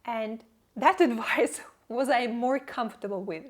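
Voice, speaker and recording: Young non-native english speaking woman vlogging her learning story, earnest and measured, slow and high. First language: not English. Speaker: English-learning channel host. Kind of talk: scripted personal vlog narration.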